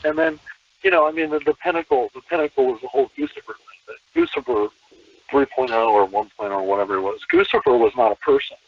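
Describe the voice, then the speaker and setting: A man, a podcast guest, talking in an animated casual way with many restarts and repeated words. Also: medium pitch, quick pace, distant mic. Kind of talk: casual conversation. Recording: tinny phone-line call.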